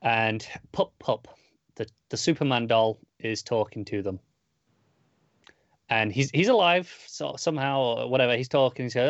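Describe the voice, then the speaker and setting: A man's voice: mid-range voice, measured pace, dry recording, highs cut off. A man co-hosting a comics podcast, recapping an issue in a loose, rambling way with lots of fillers and restarts. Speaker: podcast co-host reviewing comics. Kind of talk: casual chat.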